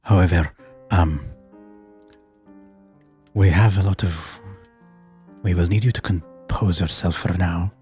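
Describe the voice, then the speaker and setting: A man doing a grave, hushed workshop keeper. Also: sits low, fairly even intonation, slow pace, long pauses, soft background music, voice pushed down.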